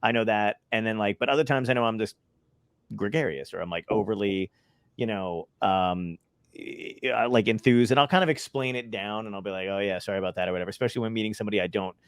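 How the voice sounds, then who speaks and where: A man's voice: on the low side, quick pace, clean tone, no room sound, clean studio sound. A young man hosting a casual podcast chat, swearing freely and laughing often. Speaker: podcast host.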